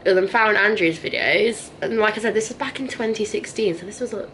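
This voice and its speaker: A young woman with a Yorkshire accent chats with a friend in an easy, quick-fire way. Her voice sits at an ordinary pitch, relaxed and unforced. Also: a little hiss or hum, low-quality recording. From Yorkshire, England. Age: young adult. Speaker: vlogger. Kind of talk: casual chat. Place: hotel room.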